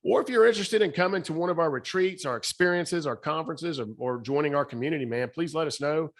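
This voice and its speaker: A man's voice: on the high side, fast talker. Southern man, emphatic motivational speaker. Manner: emphatic, repeats key phrases. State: slightly shaky voice. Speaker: podcast guest, speaker and author. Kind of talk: motivational podcast talk.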